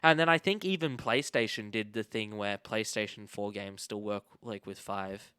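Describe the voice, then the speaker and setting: Young male podcast host, bright and smooth, dry close sound, rambly and loose. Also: fairly low pitch, moderate pace, no room sound. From Australia. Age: young adult. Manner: rambling, animated, swearing. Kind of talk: casual chat.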